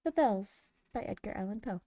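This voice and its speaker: A woman narrating poems in a soft, hushed ASMR reading style, drawing out each line slowly. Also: medium pitch, animated, no echo, clean studio sound. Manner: slow, hushed, drawn-out delivery.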